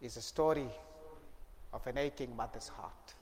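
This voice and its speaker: A man's voice: medium pitch, normal speed. Man telling a dramatic moral story. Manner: dramatic, swings loud and soft. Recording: long reverb, faint background noise.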